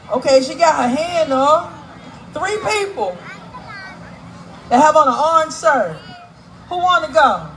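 A woman emceeing a live outdoor community event on a handheld mic, teasing and working the crowd loudly. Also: high voice, slight background noise, rough recording. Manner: playful, teasing, loud crowd-work. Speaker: event emcee and radio host. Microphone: handheld microphone.

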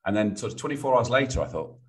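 A middle-aged British man, a guest on a business podcast, telling stories in a lively way and acting out what clients say. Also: fairly low pitch, racing. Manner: animated storyteller, acts out clients' voices. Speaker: business sounding board.

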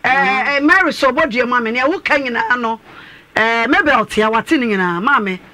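A man's voice: very high voice, normal speed, bright, forceful tone, dry recording. A Ghanaian man hosting a radio talk show, moderating and questioning callers.

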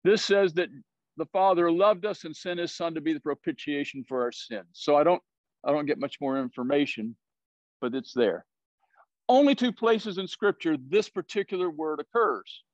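A man's voice: on the high side, moderate pace, no echo, highs cut off. A man with a Southern US accent teaching a Bible study, explaining words and often checking in with "right?".

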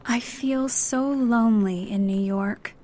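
A woman voicing a sad, soft-spoken young lady in mourning. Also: on the high side, slow, voice pushed up. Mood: sorrowful.

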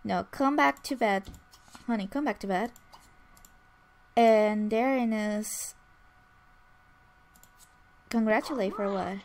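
A woman's voice: medium pitch, takes it slowly, pauses often. A young woman doing casual, chatty gameplay commentary, often exasperated and full of fillers. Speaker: let's play gamer.

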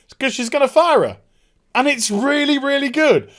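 A man giving a casual, animated and profane TV episode review. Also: very high-pitched. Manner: animated, profane, quick impressions. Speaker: TV show reviewer.

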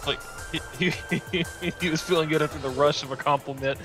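A man's voice: fairly high pitch, fairly even intonation, brisk. A man playing a game with friends, teasing and sarcastic in casual chat. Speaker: friend on stream. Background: loud game music.

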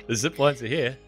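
A man's voice: mid-range voice, fairly bright tone. A man with an Australian accent hosting a casual game session with viewers, joking, swearing freely and laughing a lot. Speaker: host and streamer. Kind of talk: casual gaming chat with viewers.

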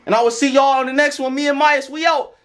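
A young man hosting a prank vlog, hyped and laughing as he calms everyone down. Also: extremely high pitch, fast. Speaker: YouTube prankster host. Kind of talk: casual vlog chat.

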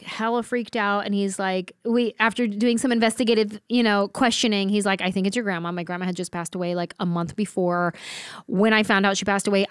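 A woman in her thirties, a comedian guest, telling a story with lively acted-out quotes. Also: medium pitch, clear, resonant tone, dry recording, clean studio sound. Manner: acts out quotes with big voice swings. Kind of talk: animated storytelling.

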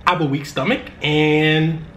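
A man's voice: a little high, steady tone, moderate pace, fairly bright tone, a little hiss or hum. Joking young man in a roomy room. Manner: joking, rambling, loose slangy talk. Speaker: YouTuber answering fan questions. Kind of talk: casual Q&A vlog. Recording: roomy room with faint ambience.

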